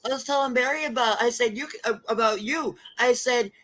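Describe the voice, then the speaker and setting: A woman's voice: on the high side, a little fast, hardly any pauses, a bit bright, rough recording. A woman co-hosting a live stream in casual chat, explaining place names.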